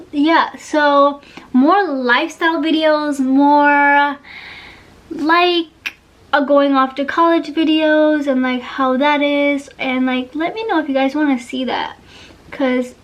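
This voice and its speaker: High-voiced young woman chatting while doing makeup. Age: young adult. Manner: rambling, gossipy storytelling with many fillers. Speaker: beauty vlogger. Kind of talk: casual chatty makeup tutorial.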